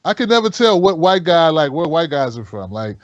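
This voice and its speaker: A fairly high-voiced man telling stories in a casual way, laughing and swearing freely. His voice sounds dry and a little dull, with a lo-fi quality. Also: very animated, brisk. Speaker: guest. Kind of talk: casual chat.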